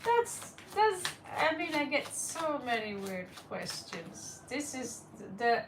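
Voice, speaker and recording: A woman's voice: high voice, big pitch swings, slow, few pauses, distant mic, noisy background. Giggly woman tarot reader, echoey room. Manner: giggly, laughs often. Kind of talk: live-stream chat.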